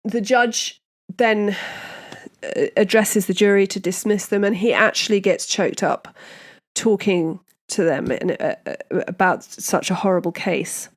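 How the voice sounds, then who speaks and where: A woman hosting a true crime podcast, recapping a case in a casual, indignant, opinionated way. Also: medium pitch.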